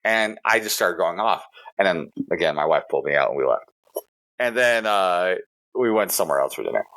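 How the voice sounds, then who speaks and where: Guy on a podcast ranting through a story, swears a lot, lowish voice. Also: expressive, fairly quick, a bit bright. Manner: profane, heated storytelling. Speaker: podcast co-host. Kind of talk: casual podcast chat.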